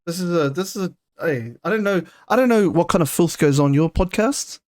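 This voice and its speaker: A man's voice: high voice, expressive, fairly quick, darkish tone. A man hosting a casual podcast, joking around and using slang and swearing. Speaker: podcast host.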